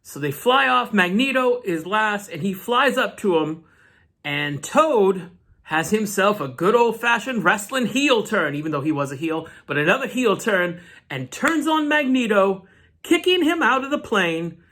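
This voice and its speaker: A man hosting a comic book channel, recapping an issue in casual, animated storytelling with side rants. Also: high-pitched, measured pace.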